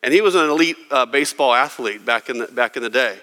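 A man from California preaching a sermon, telling stories with emphatic, dramatic pauses. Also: medium pitch, bright, forceful tone. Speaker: pastor. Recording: long reverb of a large hall.

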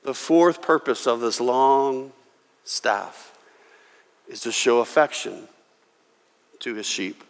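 A man preaching a sermon as pastor, telling stories with lively acted-out quotes. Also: mid-range voice, slow pace, creaky, pauses often. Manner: animated storytelling, acting out quoted voices. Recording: long hall reverb.

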